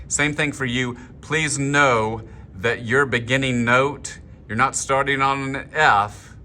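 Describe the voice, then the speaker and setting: A man leading a choir rehearsal talk-through, explaining markings and singing short phrases in falsetto to show them. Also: bright, forceful tone, a little hiss or hum. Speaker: choir director. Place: room, filming himself. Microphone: handheld camera.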